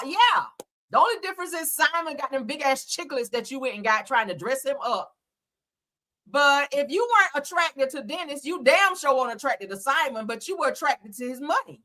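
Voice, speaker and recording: Brief: woman in her thirties, gossip host, bright lively voice, blunt and profane, quick to laugh. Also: sits high. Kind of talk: casual gossip commentary.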